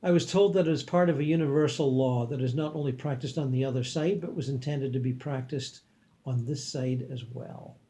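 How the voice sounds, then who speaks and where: Man reading aloud and commenting, mellow, calm and earnest; middle pitch. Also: brisk. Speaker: reader and commentator.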